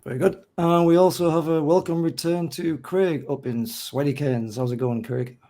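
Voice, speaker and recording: Hoarse north east english bloke hosting a footy podcast, rough throat, mellow low-key tone. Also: male voice, fairly even intonation, normal speed. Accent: mixed North East English. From North East England. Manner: chatty, self-mocking, lists names steadily. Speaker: podcast host. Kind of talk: casual football podcast chat.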